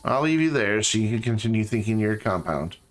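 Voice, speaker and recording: A man's voice: lowish voice, animated, fast talker, faint music behind. A man chatting casually while he streams a game, joking and talking to objects in it. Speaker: live streamer. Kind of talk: casual gameplay stream chat.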